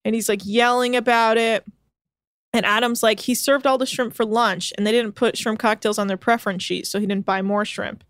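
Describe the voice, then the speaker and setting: Female podcast co-host, mid-high voice, deadpan sarcastic, dry close sound. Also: moderate pace, dry recording. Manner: sardonic, swears freely, quotes people in offhand voices. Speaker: podcast co-host recapping a reality show. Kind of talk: casual chat. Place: home.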